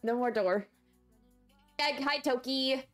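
In a game livestream with soft background music, a woman with a high voice chats casually with her viewers. She rambles, gets excitable, and shrieks and laughs at the slightest thing.

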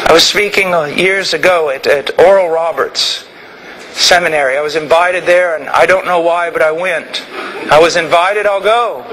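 A man preaching a sermon, moving between quiet reflection and fervent shouting. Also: fairly high pitch, moderate pace, crowd noise, poor audio. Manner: impassioned, swings from quiet to shouting.

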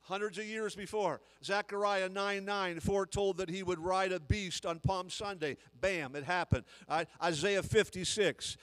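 A man's voice: sits high, steady tone, moderate pace, hardly any pauses, a bit bright, big-room sound, poor audio. A man, a guest preacher, delivering an emphatic sermon full of repetition and rising intensity.

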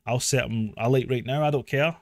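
A man, casually commentating a live game, excitable, swearing and laughing often. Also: mid-range voice, brisk. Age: 30s. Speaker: streamer.

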